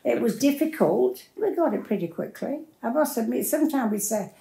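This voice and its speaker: A woman's voice: fairly high pitch, lively intonation, brisk, gravelly, warm tone. An older woman, telling her life story in a plain-spoken, rambling way as an interviewee. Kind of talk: personal storytelling. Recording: roomy echo.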